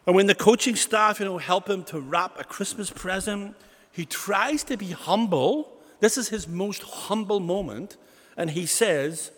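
A man delivers a sermon in a high voice that swings widely in pitch. He leans on rhetorical questions and sprinkles "you know" through his lines. His voice rings out with the long reverb of a hall. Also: lively intonation, moderate pace, fairly bright tone. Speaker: preacher.

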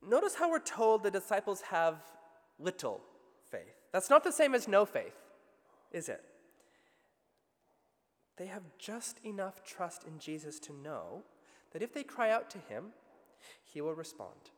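Australian male preacher, slightly high voice, storytelling sermon in a reverberant church hall. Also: a little slow, pauses often. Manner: animated storytelling with vivid asides.

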